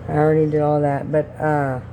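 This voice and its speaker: A woman's voice: deep voice, flat delivery, brisk, warm tone, a little hiss or hum, rough recording. A middle-aged woman, telling a rambling, blunt story in a casual vlog and acting out what people said. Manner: rambling, blunt and salty, reenacting dialogue. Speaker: vlogger.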